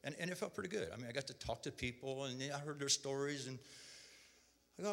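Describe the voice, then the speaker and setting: Man giving a bright, echoing testimony. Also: mid-range voice, expressive, fast, creaky. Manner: emotional, repeats words, quotes others in dialogue. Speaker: church testimony speaker. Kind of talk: personal testimony. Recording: long hall reverb.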